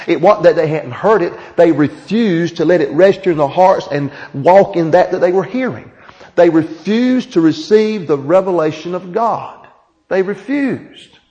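A man's voice: a little high, darkish tone, big-room sound, dull audio. Male preacher, repeating for emphasis. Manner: preaching with emphatic repetition and quoted dialogue. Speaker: pastor. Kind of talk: sermon. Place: church.

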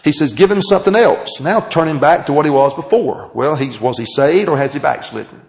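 On a low-quality tape of a sermon, a man preaches and teaches a Bible class. His mid-range voice is creaky and a little mellow. He's emphatic, stretching out key phrases for emphasis and putting questions to his listeners.

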